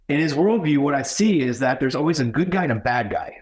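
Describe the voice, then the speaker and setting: A man talking as a podcast guest, earnest and halting, often restarting his sentences. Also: on the high side, animated. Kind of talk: conversational podcast talk.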